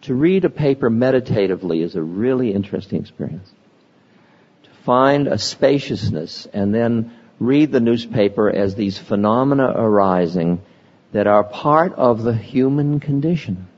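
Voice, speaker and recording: An older man giving a slow, meditative spiritual talk, pausing between words, recorded lo-fi in a reverberant hall. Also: mid-range voice, expressive, darkish tone. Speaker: spiritual teacher.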